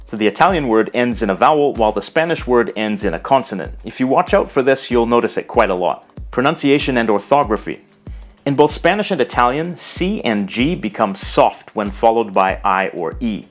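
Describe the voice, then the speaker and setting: A man narrating a scripted language lesson, explaining carefully and slowing down to pronounce example words. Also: medium pitch, animated, soft background music. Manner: measured, explanatory, slows to pronounce foreign words. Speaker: language teacher.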